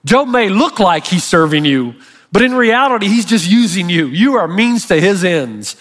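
A man's voice: high voice, very animated, normal speed, a bit bright, big-room sound, full character voice. A man voicing a sarcastic, scoffing Satan as an acted quote within his sermon. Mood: scornful. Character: mocking accuser Satan, scornful adult male.

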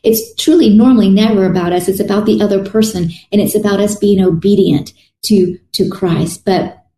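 A woman's voice: medium pitch, normal speed, warm tone, slight background noise. Woman preaching in an echoey room. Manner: earnest, conversational preaching with restarts. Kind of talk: sermon.

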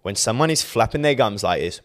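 A young man co-hosting a podcast, telling stories in lively, sweary casual chat. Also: on the low side, brisk. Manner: animated storytelling, swears freely. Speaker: podcast co-host.

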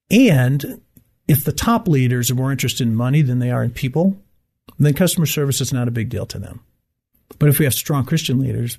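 A middle-aged man from Michigan talks as a guest in a casual interview. His voice is husky and a little breathy, at an average pitch for a man. He tells stories and acts out the people he quotes. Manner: storytelling, animated when quoting others.

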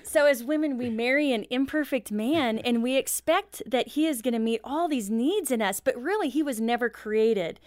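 A woman's voice: on the high side, moderate pace, hardly any pauses, darkish tone, no room sound. A middle-aged woman, a guest author, talking earnestly about faith and marriage, with frequent "you know" fillers. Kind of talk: earnest faith-based interview talk.

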